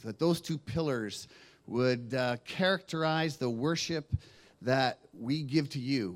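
A man leading a congregation in earnest spoken prayer during a church worship service. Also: a little high. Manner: earnest, flowing prayer cadence. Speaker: worship leader. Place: church sanctuary.

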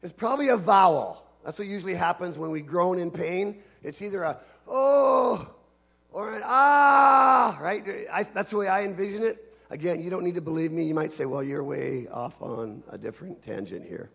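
A man preaching a sermon in an earnest manner, dropping to a hush and then building to shouts. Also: fairly high pitch, a little fast, creaky, hardly any pauses, slightly rough.

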